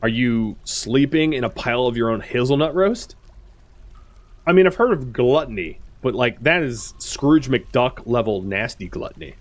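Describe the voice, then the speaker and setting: A man giving casual let's-play commentary, talking straight to the characters on screen, with excitable outbursts and quiet muttered asides. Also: mid-range voice, normal speed. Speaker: gameplay commentator.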